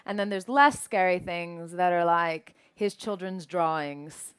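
A young woman, an actress, telling animated stories in an interview and laughing often. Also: lowish voice, unhurried, clean tone. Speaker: actress and guest. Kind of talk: anecdotal interview chat.

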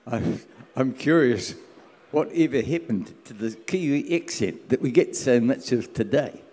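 A man in the audience asking a question in a slow, deliberate way. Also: medium pitch, lively intonation, warm tone. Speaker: audience member. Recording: long hall reverb.

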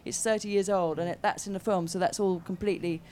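A woman filmmaker in an interview, telling a lively anecdote and acting out the quotes. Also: lowish voice, fast talker, a little hiss or hum. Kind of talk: casual interview chat.

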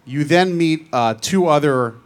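American host with a higher voice, joking. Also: male voice, unhurried. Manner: joking, enthusiastic, fumbles starts. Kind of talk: on-stage interview.

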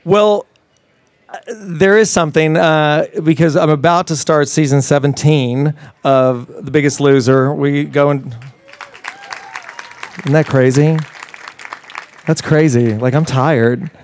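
A man's voice: on the high side, steady tone, slow, long pauses, a little mellow, a faint crowd. A man talking at a live interview, enthusiastic and rambling, with frequent restarts and fillers. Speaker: fitness trainer guest. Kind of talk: casual interview talk.

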